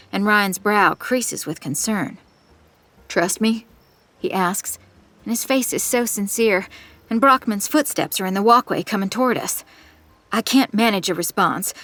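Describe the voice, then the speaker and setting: A woman's voice: mid-range voice, fairly bright tone, dry recording. A woman narrating in the first person with tense, suspenseful delivery, on a close studio mic. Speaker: audiobook narrator.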